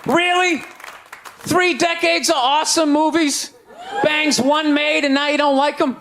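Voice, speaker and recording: A man in his forties doing a stand-up routine on stage, ranting loudly and sarcastically. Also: very high-pitched, steady tone, measured pace, a little hiss or hum. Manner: loud ranting delivery, sarcastic. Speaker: stand-up comedian. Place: comedy stage before a live audience. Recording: live show with crowd laughter.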